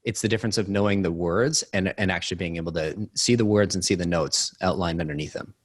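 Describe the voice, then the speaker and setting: A man with a deep, low voice co-hosts a podcast. He chats casually with his guest, relaxed and self-deprecating. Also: quick pace. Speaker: podcast co-host. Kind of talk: casual interview chat.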